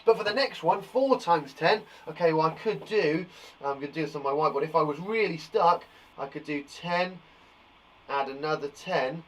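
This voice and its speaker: A young man leads a live maths lesson for small children, his voice sitting a little high for a man. He reassures them often and works each sum out aloud. His manner is warm and encouraging. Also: normal speed. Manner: encouraging, reassuring, thinks aloud while counting. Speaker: teacher.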